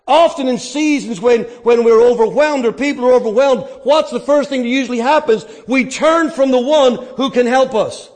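A man's voice: extremely high pitch, normal speed, hardly any pauses. A middle-aged man preaching a sermon with earnest emphasis, stretching key words as he makes his point. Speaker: pastor.

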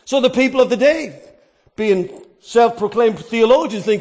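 A man preaching a sermon, dynamic, swinging from quiet asides to shouted points and answering his own questions. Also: extremely high pitch, normal speed.

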